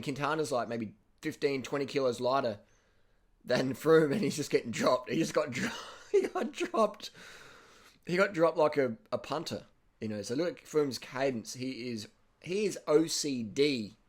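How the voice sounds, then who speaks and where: An Australian man casually commenting over race footage, blunt and excitable, swearing and repeating himself. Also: mid-range voice, moderate pace. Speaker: cycling video host.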